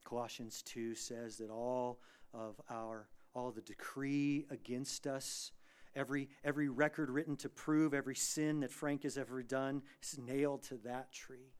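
Male preacher, mid-pitched and smooth, dynamic sermon delivery with sudden emphatic peaks. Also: steady tone, unhurried. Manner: dynamic preacher, swings from hushed to loud emphatic bursts; acts out quoted prayers and voices. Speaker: pastor.

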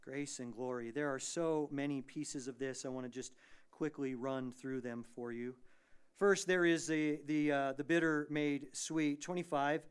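A man preaching a sermon as pastor, dynamic, moving between hushed lines and loud, emphatic bursts. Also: mid-range voice, fairly even intonation, measured pace, clear, resonant tone. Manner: acts out quoted prayers and voices.

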